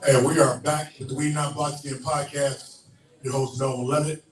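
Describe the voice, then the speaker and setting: A man's voice: mid-range voice, flat delivery, normal speed, reverberant, far from the mic, rough recording. A man hosting a podcast in casual chat, laid-back and full of fillers like "you know". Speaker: podcast host.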